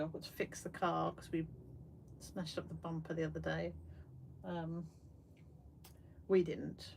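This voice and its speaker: There's vocal fry in the low voice of this English art livestream host, who broadcasts from a small shed studio. She's chatty, laughs at herself, and rambles with fillers, with faint background noise present.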